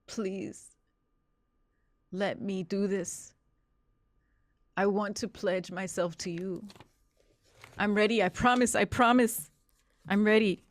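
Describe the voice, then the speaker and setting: A crying young soldier begs to pledge himself, as a woman voices him. The voice lifts in pitch and volume with urgency. The recording is dry. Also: fairly even intonation, slow, long pauses, no room sound, natural voice. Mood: pleading. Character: young Spanish soldier, weeping, desperate.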